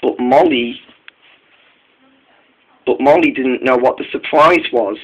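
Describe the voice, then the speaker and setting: A man narrating a train story, halting, with frequent restarts and repeated words. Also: mid-range voice, low-quality recording. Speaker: story reader.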